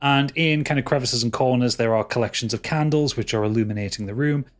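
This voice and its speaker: A man runs a tabletop game and narrates the scenes. He pauses often and restarts his sentences, in an ordinary mid-range voice. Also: medium pitch. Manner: hesitant, full of fillers and restarts. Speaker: game master.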